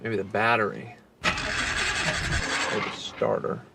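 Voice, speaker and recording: Stranded driver, slow and low, with a gravelly rasp; a movie clip heard from far off over loud engine noise. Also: male voice, steady tone. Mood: resigned. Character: calm man whose car won't start.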